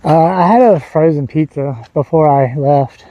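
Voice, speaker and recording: The audio is dry and muffled as a streamer, his voice on the high side and a little slow, walks outdoors through a rural area on a livestream. He rambles in a relaxed way, talking casually to his chat.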